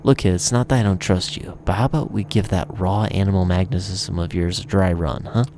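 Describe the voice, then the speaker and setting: A man reading as a gravelly, sardonic vampire. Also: low-pitched, fairly even intonation, fairly quick, a little mellow, slight background noise. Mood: gruff, sardonic. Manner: blunt, teasing, streetwise. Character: gruff gravelly older male Nosferatu vampire, sardonic.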